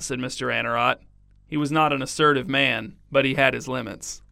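Bright, smooth-voiced male storyteller. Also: mid-range voice, fairly even intonation, a little fast, dry recording, studio quality. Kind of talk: scripted bedtime story narration.

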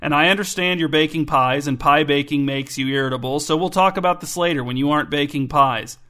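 A man's voice: on the high side, brisk, bright, forceful tone. A man voicing an earnest father who lectures and argues his point with eager conviction. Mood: earnest, persuasive.

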